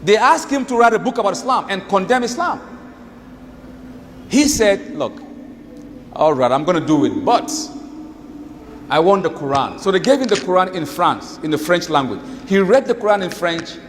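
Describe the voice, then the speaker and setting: A man telling a story in a sermon, animated and emphatic, acting out quoted dialogue in non-native English. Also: high-pitched, moderate pace, long pauses, slight background noise. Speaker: preacher. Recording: reverberant hall with faint ambience.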